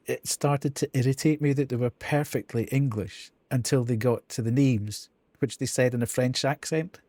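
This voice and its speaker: A man's voice: lowish voice, normal speed, dark tone, slight background noise. A man streaming a video game live, thinking aloud as he counts and reads out menu options. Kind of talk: casual live gameplay commentary.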